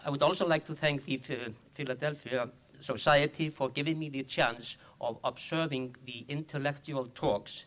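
Icelandic guy thanking folks for an award, lots of uhs, middle pitch. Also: steady tone, a bit bright. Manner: halting, many fillers. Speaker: award recipient. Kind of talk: acceptance speech.

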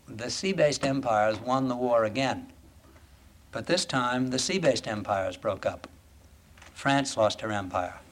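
Man giving a formal lecture. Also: lowish voice. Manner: rhetorical questions, deliberate emphasis.

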